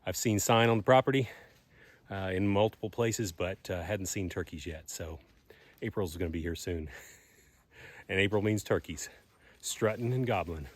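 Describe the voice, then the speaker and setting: A man talking casually as a vlogger, easygoing and chatty, often pausing with "uh". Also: low voice. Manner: easygoing, chatty, with frequent "uh" pauses. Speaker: vlogger and property owner. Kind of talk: casual vlog narration.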